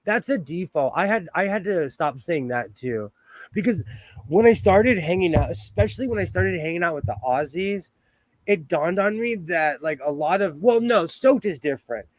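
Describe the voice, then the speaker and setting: Playful high-voiced man chatting on a live stream. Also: dry recording. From United States. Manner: laughs often, chatty and playful. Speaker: sewing livestream host. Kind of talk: casual live-stream chat. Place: home sewing room.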